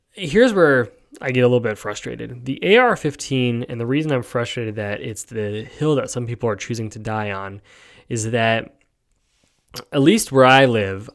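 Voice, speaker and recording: A man's voice: medium pitch, smooth. A man from New York hosting a solo podcast, talking casually with many ums and restarts while yawning and sleepy. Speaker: podcast host.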